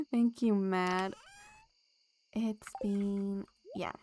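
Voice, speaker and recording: A woman's voice: medium pitch, fairly even intonation, drawn-out words, mellow. A woman streaming a farming game, chatting casually with her viewers and laughing often. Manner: chatty, giggly, talks to chat and the game. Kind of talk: casual live-stream chat while playing.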